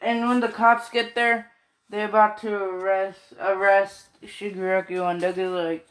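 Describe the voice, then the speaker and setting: Slow-talking tired woman rambling. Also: mid-range voice, level tone. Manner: slow, rambling, slangy, swears often. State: tired late at night. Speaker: fan storyteller. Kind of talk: casual rambling fan retelling.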